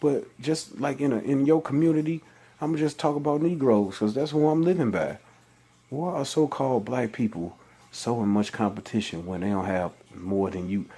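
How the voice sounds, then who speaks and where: A man with a mid-range, dark voice and a breathy edge talks informally about scripture at a moderate pace. Reading the text aloud and preaching on it, this religious vlogger restarts often and throws out exasperated questions.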